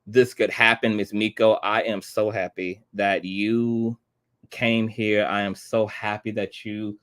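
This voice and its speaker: A man's voice: lowish voice, little pitch movement, unhurried, a bit bright. A man in his thirties hosting a livestream, talking heartfelt and tearful, repeating himself and swearing often. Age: 30s. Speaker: livestream host. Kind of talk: emotional livestream chat.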